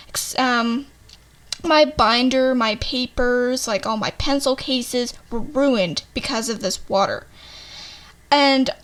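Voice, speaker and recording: A woman's voice: a little high, fairly bright tone. A young woman casually telling a storytime tale, full of fillers and "like," and swearing freely. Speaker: vlogger.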